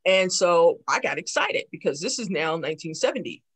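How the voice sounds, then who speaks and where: A woman in her sixties from New York City, giving a lively talk about her life and acting out remembered conversations. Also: lowish voice, brisk, breathy edge. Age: 60s. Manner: lively storyteller who acts out remembered dialogue. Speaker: invited speaker, town council member. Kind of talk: personal storytelling talk.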